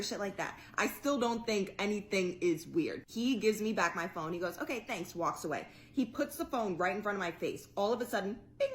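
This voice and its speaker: Animated, profane woman telling a story. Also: mid-range voice, a little hiss or hum. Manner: animated, profane, laughs through her story. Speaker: guest storyteller. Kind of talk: storytelling to camera.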